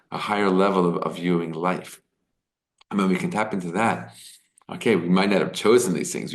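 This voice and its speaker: A man's voice: deep voice, gravelly. A man giving a casual, earnest Torah lesson, retelling the story with quoted dialogue and often asking "right?". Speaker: Torah teacher.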